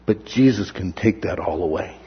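Guy preaching, really husky voice, kinda dull lo-fi sound, acts out the people in the story. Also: low-pitched, moderate pace. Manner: animated, acts out the characters' words. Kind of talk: sermon.

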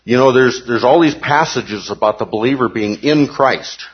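Husky-voiced man teaching a Bible class. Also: medium pitch, normal speed, highs cut off. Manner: conversational, checks in with the class.

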